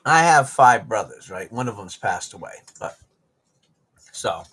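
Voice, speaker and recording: A man's voice: lowish voice, expressive, measured pace, a bit bright, breathy edge. A man chatting casually and rambling on a livestream, joking and laughing often. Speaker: livestream host.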